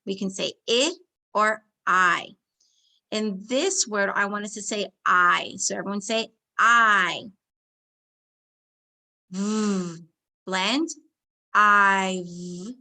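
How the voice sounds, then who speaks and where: A woman teacher, slowly leading young children through a phonics lesson, sounding out words and giving warm encouragement. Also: mid-range voice.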